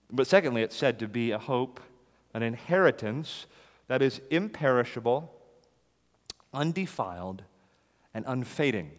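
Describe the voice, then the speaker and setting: A man preaching a sermon to a congregation, emphatic, rising louder on key phrases and dropping low after them. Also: animated, moderate pace, long reverb tail.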